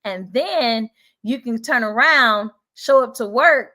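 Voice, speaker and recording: A woman with a Southern twang coaches teachers on a live stream, chatty and encouraging as she answers her viewers. Her voice sits fairly high. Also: slow, sharp tone. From Southern United States.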